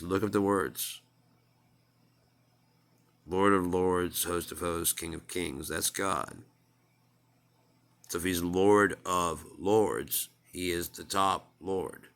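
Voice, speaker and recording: A man's voice: low voice, slow pace, long pauses, fairly bright tone. A man in a rambling, profane casual monologue, chuckling at his own jokes.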